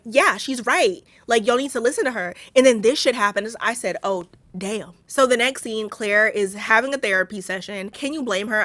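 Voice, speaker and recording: A woman's voice: medium pitch, no echo. A young woman casually recapping a movie, cussing freely and acting out the characters' lines. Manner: expressive, cussing, acts out characters' lines in quotes. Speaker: movie commentary YouTuber.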